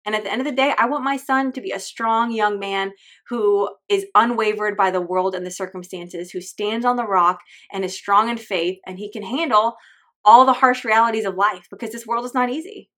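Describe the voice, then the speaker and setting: A woman's voice: medium pitch, steady tone, normal speed, fairly bright tone. A woman hosting a faith-based parenting podcast, speaking in a heartfelt, openly emotional and earnest way. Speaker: podcast host.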